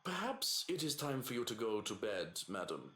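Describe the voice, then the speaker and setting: Eine Frau spielt einen steifen Butler mit deutschem Akzent. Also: female voice, rumbling low, big pitch swings, a bit bright, roomy sound, pitched below the performer's own voice, heavily acted. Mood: formal calm. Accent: German. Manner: polite, formal, measured. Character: stoic formal older male head butler.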